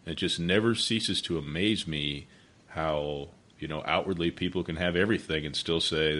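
A man hosting a podcast interview in a booming radio voice, relaxed and reflective as he asks open questions. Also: normal speed. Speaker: podcast host.

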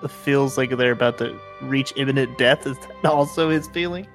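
Podcast cohost, dry quips and laughing, mid pitch, soft music behind. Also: creaky. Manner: wry, quick reactions and laughter. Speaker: podcast co-host. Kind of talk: casual comedic chat.

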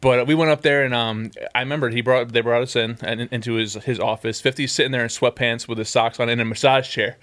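Guy in his 30s rattling off stories on a podcast, quick, keeps laughing, kinda rambly. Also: mid-range voice. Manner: rambling, laughs often, animated when telling stories. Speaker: guest, sneaker customizer. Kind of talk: casual podcast storytelling.

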